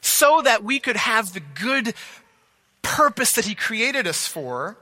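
A man preaching a sermon, his voice high and tense with a sharp, bright edge. He talks earnestly, repeating words to stress a point and asking his listeners whether they follow. The sound carries the long reverb of a large hall. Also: very animated, slow.

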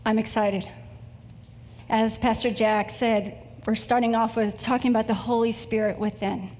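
An earnest woman preacher leads prayer and tells stories, her voice sitting fairly high for a woman. A long hall reverb trails after her words. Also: fairly even intonation, normal speed, a little mellow. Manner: earnest, emotional, storytelling.

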